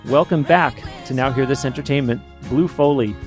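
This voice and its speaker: A man's voice: medium pitch, moderate pace, music in the background. A man hosting an interview podcast from a radio studio, upbeat and full of enthusiastic reactions. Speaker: podcast host.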